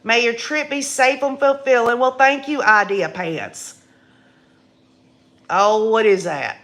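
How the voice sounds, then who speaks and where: An older woman with a raspy voice and a drawl hosts a laid-back live stream, reading out viewer comments. She talks at an unhurried, easygoing pace in a folksy, chatty manner. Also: a little high, fairly bright tone. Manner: slow, folksy and chatty, laughing often.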